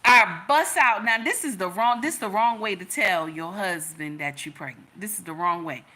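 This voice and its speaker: A woman's voice: medium pitch, lively intonation, normal speed, bright, forceful tone. A woman giving relationship advice through a personal story, emphatic, repeating lines and calling her listeners y'all and baby.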